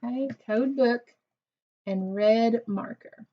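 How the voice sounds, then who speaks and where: A woman teaching a recorded reading lesson to young children, speaking slowly and patiently, praising and asking questions of pupils who aren't there. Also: a little high, highs cut off. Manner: slow, patient, encouraging, asks questions to unseen pupils.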